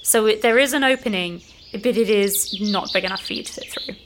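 A woman's voice: mid-range voice, brisk. A woman narrates as game master of a tabletop game, painting the scene at an easy pace. She fills her sentences with casual "like"s and "you know"s. A faint noise sits under the recording. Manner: relaxed, descriptive, frequent "like" fillers.

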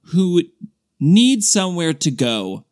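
A man with a fairly high voice, co-hosting a casual pop-culture podcast. He rambles along with lots of "like" fillers and often breaks into laughter mid-sentence. His tone is loose, conversational, and quick to get animated. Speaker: podcast co-host.

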